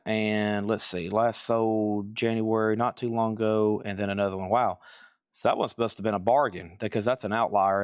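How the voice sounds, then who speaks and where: A man's voice: medium pitch, no room sound, studio quality. Chatty man calling out record prices. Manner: brisk, chatty, lists items and prices. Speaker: seller running a live record sale. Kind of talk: live auction and price calling.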